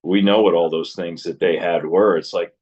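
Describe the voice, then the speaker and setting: A man's voice: low voice, steady tone, normal speed, a little mellow, slightly rough, muffled recording. A man in his thirties, a musician guest in a casual interview, rambling through stories, swearing freely and laughing often.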